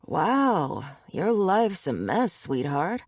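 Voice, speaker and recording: A woman's voice: fairly low pitch, sing-song, drawn-out words, darkish tone, no room sound, clean studio sound, full character voice. A woman narrator voicing a playful, teasing young male werebear in an audiobook. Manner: teasing, cheeky.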